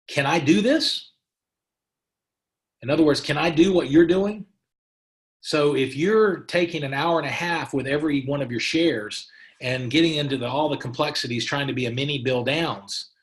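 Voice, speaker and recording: A man's voice: mid-range voice, fairly bright tone. A middle-aged man, a company president, giving a motivational sales training talk, emphatic and repetitive, with many restarts and a coaching tone.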